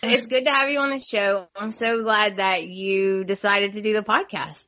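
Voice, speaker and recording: US woman, podcast host, bright chatty voice, laughs a lot, lo-fi recording. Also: medium pitch, steady tone, normal speed. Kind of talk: casual podcast chat. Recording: dull lo-fi sound.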